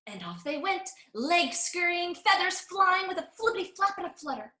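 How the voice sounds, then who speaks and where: A woman reading a children's picture book aloud with an animated, expressive delivery. Her voice sits very high and bright and swoops a lot. A roomy echo surrounds it. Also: normal speed. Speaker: storytime reader.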